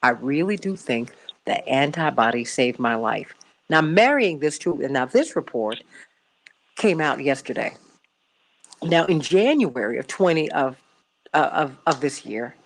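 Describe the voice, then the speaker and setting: A woman's voice: low voice, poor audio. A woman hosting a radio talk show, chatting animatedly, laughing often and mimicking voices when she quotes people. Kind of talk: casual talk radio chat.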